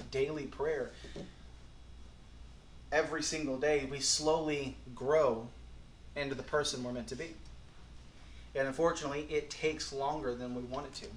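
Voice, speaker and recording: An earnest, folksy male pastor, his voice sitting a touch high as he moves between hushed reflection and emphatic, pressing lines. The sermon rings out in a roomy, echoey hall.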